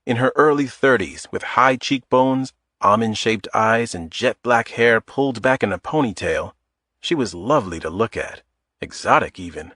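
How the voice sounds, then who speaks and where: A man narrating a thriller audiobook in a measured, dramatic storytelling manner. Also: medium pitch, expressive, fairly bright tone, no echo. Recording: dry close studio sound.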